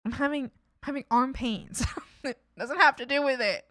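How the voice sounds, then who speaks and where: A woman's voice: high-pitched, moderate pace, pushed and bright, dry recording, studio quality. A young woman streamer chatting casually, ranting and sarcastic, laughing often, on a desk mic.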